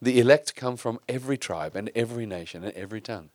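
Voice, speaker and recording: A man's voice: mid-range voice, quick pace, darkish tone, no echo, clean studio sound. A middle-aged man preaching a sermon in a conversational style, asking his congregation rhetorical questions. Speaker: pastor.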